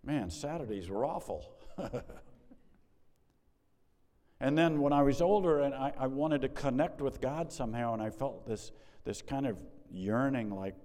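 A man's voice: medium pitch, unhurried, pauses often, darkish tone. A middle-aged male pastor preaching a sermon in a conversational way that rises to emphatic peaks, in a church sanctuary. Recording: long hall reverb.

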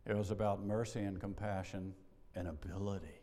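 A middle-aged man preaching a sermon, animated, acting out bits of dialogue and laughing now and then. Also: sits low, a little fast. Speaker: pastor. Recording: long hall reverb.

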